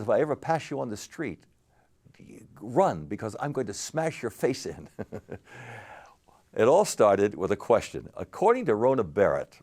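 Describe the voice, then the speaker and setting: An older man, a game show host, telling stories in an interview with lively animated delivery. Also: lowish voice. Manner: animated anecdotal storytelling with laughs. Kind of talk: storytelling interview.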